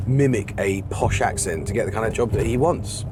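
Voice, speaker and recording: A man hosting a documentary, narrating and questioning in a lively, engaged way. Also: on the low side, normal speed, noisy background. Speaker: documentary host.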